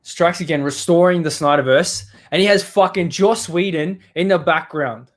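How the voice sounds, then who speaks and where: A man hosting a live stream, ranting angrily with lots of swearing, swinging from loud outbursts to low muttering. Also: normal speed. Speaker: show host. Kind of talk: profane live-stream rant.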